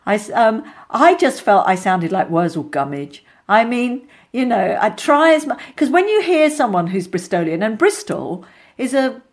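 A middle-aged woman, an actress being interviewed, telling lively anecdotes with many restarts and asides. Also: on the high side, normal speed. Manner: chatty, animated storyteller with many restarts.

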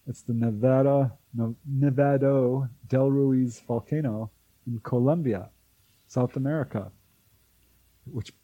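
A man's voice: mid-range voice, breathy edge, no echo, muffled recording. A man, an author and researcher, telling a long story in an interview and acting out the voices of the people in it. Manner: animated storyteller who acts out quoted voices. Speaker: author and UFO researcher, guest.

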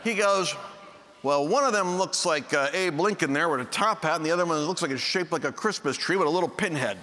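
A man preaching through a personal story in a casual, animated way, acting out the dialogue with sudden high outbursts. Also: fairly quick, long reverb tail. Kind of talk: anecdotal sermon storytelling.

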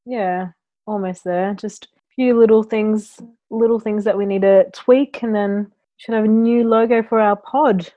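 A woman's voice: medium pitch, fairly even intonation, unhurried, mellow. Easygoing woman on a lo-fi line. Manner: easygoing, playful. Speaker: podcast co-host. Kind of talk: casual chat.

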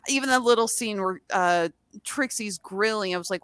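A woman's voice: medium pitch, moderate pace, a bit bright, clean tone, no room sound. A woman co-hosting a casual TV review chat, enthusiastic and rambling. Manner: enthusiastic, rambling, acts out quoted lines. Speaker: podcast co-host reviewing a TV series.

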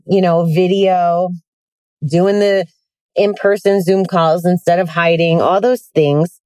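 A woman's voice: lowish voice, darkish tone, dry recording. A tired woman hosting a casual self-help podcast from her car, chatty and candid, with plenty of ums and likes. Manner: chatty, candid, with many fillers. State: tired, yawning. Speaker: podcast host. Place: sitting in a hot car.

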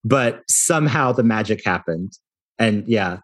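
A man's voice: lowish voice, expressive, measured pace, fairly bright tone. A man in his thirties, a hotel company founder, telling self-deprecating stories in a casual interview and laughing often.

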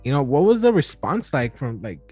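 A man interviewing a guest in casual chat, relaxed and rambling with many fillers. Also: medium pitch, fairly quick, slightly rough, faint music behind. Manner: relaxed, rambling questions full of "like".

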